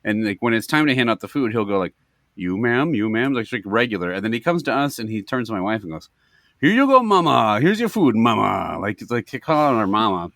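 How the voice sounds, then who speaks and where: Lively man telling jokey stories. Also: lowish voice, fast, no echo, studio quality. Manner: rambling, jokey storytelling with laughs. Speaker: podcast co-host. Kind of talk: casual comedic chat.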